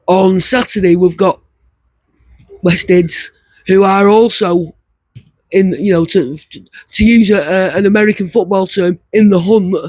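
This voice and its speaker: Hoarse, excitable Manchester man. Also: sits high, measured pace, no room sound. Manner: excitable, chatty, laughs often. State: hoarse, losing his voice. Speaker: vlog host interviewing club staff and players. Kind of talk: casual post-match chat.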